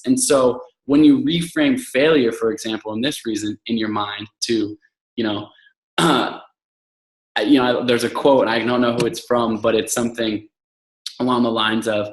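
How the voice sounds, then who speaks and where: A man's voice: mid-range voice, roomy sound, low-quality recording. A man speaking earnestly and reflectively as a podcast guest, with frequent fillers and restarts. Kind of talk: casual interview talk.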